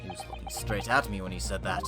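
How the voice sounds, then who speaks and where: A man voicing a calm, dry young scholar with understated, sardonic delivery. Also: deep voice, fast, over music, pitched below the performer's own voice, close to an everyday voice. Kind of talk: voicing game dialogue.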